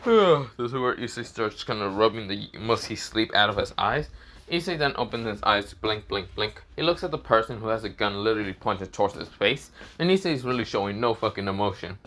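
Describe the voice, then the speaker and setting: A young man reads out a fan story in a loose, casual way, rambling with fillers and plenty of swearing. His voice is bright and edgy. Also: on the low side, lively intonation, a little fast. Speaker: fan fiction reader. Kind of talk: casual read-aloud fan story narration.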